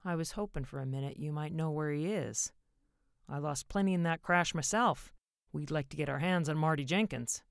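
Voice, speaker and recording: A woman's voice: low voice, normal speed, creaky, dry recording. A chatty small-town businessman talks in a drawling, colloquial storybook voice, put on by a woman reading aloud. The sound is dry and close.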